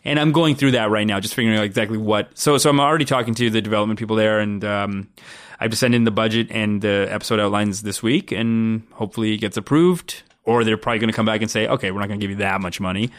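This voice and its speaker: A man telling stories as an interview guest in a casual chat, acting out quotes with lively jumps in pitch. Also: fast talker. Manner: animated storyteller, acts out quotes with big pitch jumps. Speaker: guest, comedian pitching a show.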